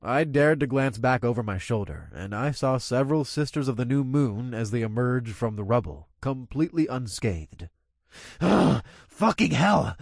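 A man's voice: medium pitch, animated, normal speed, hardly any pauses, a little mellow, no echo, clean studio sound. A man reading a first-person action story aloud in a casual, profane manner. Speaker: narrator.

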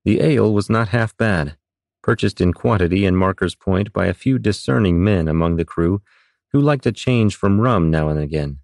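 A man narrating a fantasy novel in a steady, even storytelling delivery. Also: low-pitched, moderate pace, gravelly, dry recording, clean studio sound. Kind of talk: scripted audiobook narration.

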